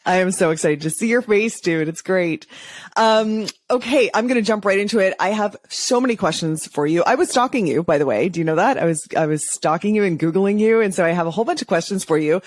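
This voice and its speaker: A woman's voice: medium pitch, no room sound. A woman hosting a podcast interview, enthusiastic and casual in her questions. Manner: enthusiastic, casual, uses fillers. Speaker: podcast host. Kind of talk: interview conversation.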